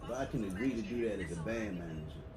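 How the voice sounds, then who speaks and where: A man's voice: fairly low pitch, expressive, fast talker. Male guest venting grievances, roomy echo and background noise. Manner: aggrieved, venting at length. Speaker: podcast guest, band manager. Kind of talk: casual chat. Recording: echoey room with background noise.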